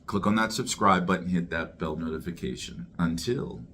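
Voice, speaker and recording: A man teaching English slang, speaking slowly and deliberately, repeating each word for learners. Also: low voice, fairly bright tone, slight background noise. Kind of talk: slang vocabulary lesson to camera.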